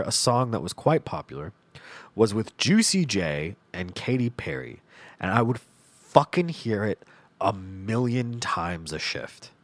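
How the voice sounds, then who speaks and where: A man hosting a podcast, telling a comedic story in a profane, animated way and laughing along. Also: fairly low pitch, no room sound. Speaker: podcast host.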